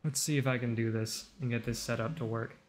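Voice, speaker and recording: A woman streamer in casual chat, rambling with many fillers while demonstrating voice exercises that move between a low and a higher register. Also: steady tone, fairly quick, a little hiss or hum.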